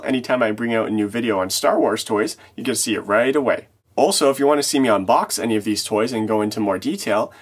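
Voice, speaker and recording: A man hosting a casual toy showcase vlog, easygoing and chuckling between remarks. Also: mid-range voice. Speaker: toy channel host.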